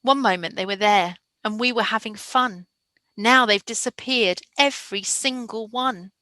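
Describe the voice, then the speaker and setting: A woman's voice: lively intonation, measured pace, dry recording. A woman voicing a small lost frightened child. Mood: scared. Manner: high, plaintive, fading to quiet.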